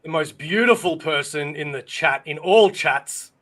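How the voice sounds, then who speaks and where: A man's voice: a little high, a little slow, a bit bright. An Australian man chatting as a guest on a livestream, joking and telling stories with casual swearing.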